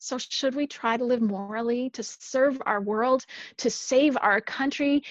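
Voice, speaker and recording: A woman minister giving a measured, earnest sermon, dropping softer on key phrases. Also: a little high, no room sound, highs cut off.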